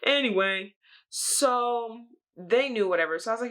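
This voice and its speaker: Bright-voiced young woman telling a story. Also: a little high, unhurried. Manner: animated, swearing, acting out her own quotes. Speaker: beauty vlogger. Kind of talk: get-ready-with-me story time.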